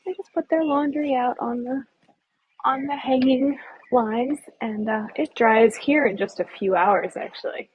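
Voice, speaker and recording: A woman's voice: high voice, a little slow, slightly rough, phone-quality sound. A woman guiding viewers on a casual live walking tour outdoors in a small hillside village, chatty and enthusiastic, often asking her audience questions. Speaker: tour guide and travel vlogger.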